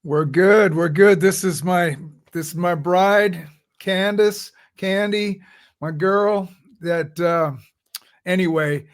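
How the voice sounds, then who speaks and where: A man co-hosting a casual music business chat, upbeat and quick to laugh. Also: high-pitched, smooth. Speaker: co-host. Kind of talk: casual video podcast chat.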